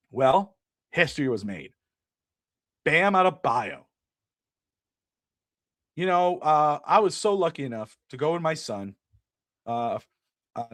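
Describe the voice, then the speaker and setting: A middle-aged man co-hosting a casual sports talk show, ranting with animated energy and swearing freely. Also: a little high, no room sound, clean studio sound. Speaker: podcast co-host.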